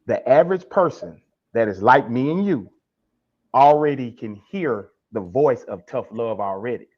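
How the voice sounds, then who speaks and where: A man's voice: mid-range voice, animated, moderate pace, darkish tone. A man speaking as a guest life coach in a podcast interview, emphatic and preachy, acting out blunt tough-love lines. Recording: dull lo-fi sound.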